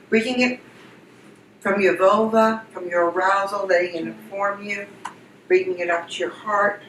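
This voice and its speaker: A woman's voice: mid-range voice, fairly even intonation, moderate pace, fairly bright tone, a little hiss or hum. A woman leading a guided group exercise as a workshop facilitator, giving repetitive, soothing coaching prompts. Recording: roomy, distant mic with faint ambience.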